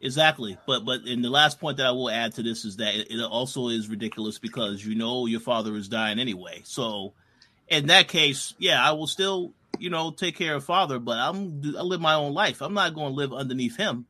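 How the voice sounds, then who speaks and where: Bright, husky male co-host. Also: medium pitch, brisk. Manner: agreeable, repeats words as he restarts. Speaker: podcast co-host. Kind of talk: casual TV recap discussion.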